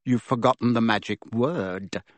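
A man's voice: medium pitch, unhurried, no echo, lightly acted. A man voicing a young wizard boy, earnest and pleading, in an audiobook. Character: young wizard boy, patient but put-upon.

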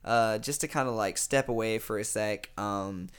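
A young man in casual podcast chat, telling a long story in a rambling, animated way with lots of fillers and swearing. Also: lowish voice, normal speed, clean tone.

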